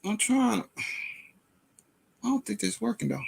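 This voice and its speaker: A gravelly man, hosting a live stream. He speaks a little high for a man, and his pitch swings widely. He sounds flustered and talks straight to his viewers. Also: big pitch swings, unhurried. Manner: flustered, frustrated with tech, talks to chat. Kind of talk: casual live stream chat.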